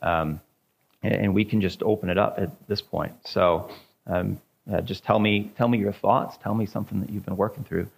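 Low-voiced pastor with halting delivery. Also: male voice, fairly even intonation, gravelly, breathy edge. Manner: halting, many ums and repeated words. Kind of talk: informal church teaching and discussion.

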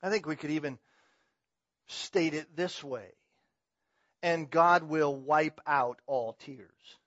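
A middle-aged pastor preaches in a fairly high voice, swinging between loud, emphatic proclamations and quiet, personal asides, and he takes it slowly. The recording is dry and slightly muffled, with no room echo.

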